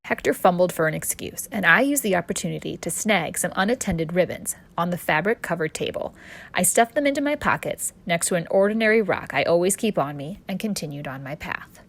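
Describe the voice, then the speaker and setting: A woman author narrating her own story in first person, expressive and storytelling in tone. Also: on the low side, fairly quick. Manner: expressive storyteller, voicing a cheeky street boy.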